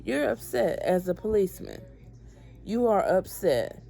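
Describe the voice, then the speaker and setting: A woman's voice: mid-range voice, big pitch swings, measured pace, gravelly, mellow. A woman telling a personal story for a vlog in a blunt, profane, emphatic way. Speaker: vlogger, mother.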